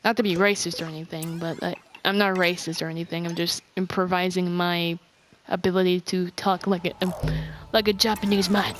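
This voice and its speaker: A woman giving casual gameplay commentary for her video, rambling and halting with many restarts. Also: lowish voice, level tone, soft background music. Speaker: game video creator.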